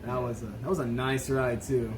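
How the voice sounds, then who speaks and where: A man's voice: mid-range voice, level tone, normal speed, noisy background. A man co-hosting a podcast, telling a drinking story in casual chat, swearing freely and laughing as he goes. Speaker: podcast co-host.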